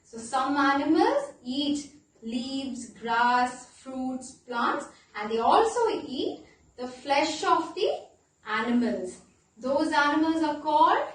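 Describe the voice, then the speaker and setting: A woman teaching a class of young children, with an Indian English accent, animated and playful, asking questions and spelling words out slowly. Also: high-pitched, heavy reverb, distant mic, low-quality recording. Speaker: primary school teacher.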